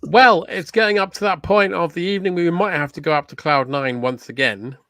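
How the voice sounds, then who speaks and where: A man co-hosting a comedy show, chatting casually with dry, deadpan quips. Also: a little high, brisk, no room sound.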